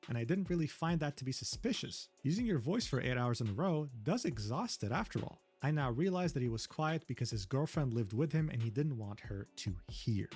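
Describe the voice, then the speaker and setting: A man giving scripted narration for a commentary video, reading text in a steady, even way. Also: medium pitch, husky.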